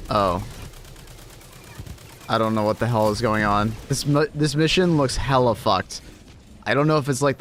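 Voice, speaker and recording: A man's voice: mid-range voice, fairly bright tone, slight background noise. A man chatting casually on a game live stream, talking to his cat and swearing now and then.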